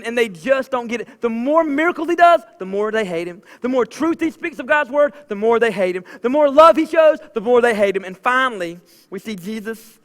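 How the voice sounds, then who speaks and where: A Southern man in his thirties preaching a casual, chatty sermon, full of "like" fillers. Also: extremely high pitch. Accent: Southern American. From American South. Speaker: pastor. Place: church auditorium. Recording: long church hall reverb.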